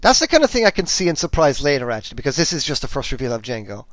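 A man's voice: medium pitch, sing-song, rapid-fire, no echo. A man hosting a podcast, chatting enthusiastically and rambling with many restarts. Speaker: podcast host. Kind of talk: casual chat.

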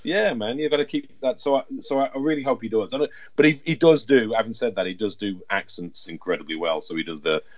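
A man's voice: lowish voice, fast talker, few pauses, no echo. Upbeat man on a dull call line. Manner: enthusiastic, rambling. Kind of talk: casual chat.

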